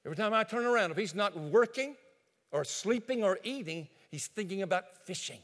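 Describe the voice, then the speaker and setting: An exasperated wife pours out her complaints about her husband, as a man puts her on. The voice sits high and swings in lively, blaming bursts. It rings with the long reverb of a church hall. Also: fairly quick. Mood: complaining.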